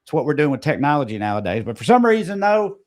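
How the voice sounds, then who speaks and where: A man's voice: on the high side, sing-song, fast talker, a little mellow. A man co-hosting a podcast, reading sponsor ads in a casual way with joking, off-the-cuff asides. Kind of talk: casual ad read.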